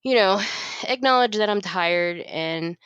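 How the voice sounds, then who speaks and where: A woman's voice: medium pitch, slow, fairly bright tone, smooth, dry recording, highs cut off. A woman co-hosting a podcast, telling a story in a casual chat and laughing often as she goes. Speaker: podcast co-host.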